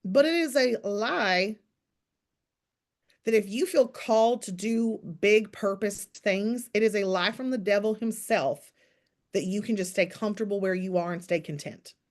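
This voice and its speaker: A woman in her thirties, medium in pitch, is on a call coaching her accountability group. She talks fast and emphatically, and her pep talk is teasing and preachy.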